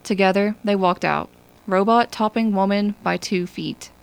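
A woman reading an audiobook in a measured, even storytelling manner. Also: mid-range voice, creaky, clean tone, low-quality recording. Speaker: audiobook narrator. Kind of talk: scripted narration.

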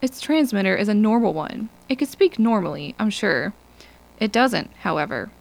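A woman's voice: mid-range voice, animated, moderate pace, creaky. A woman voicing a stern, precise robot psychologist who speaks in a cold, clipped way in an audiobook.

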